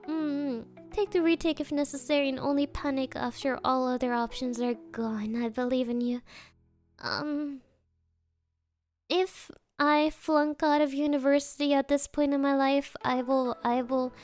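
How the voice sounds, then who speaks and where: A woman streamer with a high, playful voice reads out donations and chats casually with her viewers. She sounds a little sniffly, as if she has just been crying, and she sprinkles Japanese words into her talk. Soft music plays faintly behind her. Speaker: VTuber streamer. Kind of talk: casual livestream chat, reading donations.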